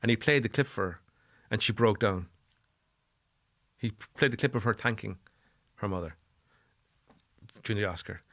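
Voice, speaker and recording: A man's voice: lowish voice, moderate pace, long pauses, a bit bright, no room sound. A middle-aged Irish man speaking as a psychotherapist guest on a podcast, earnest and repeating phrases for emphasis. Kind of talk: podcast interview.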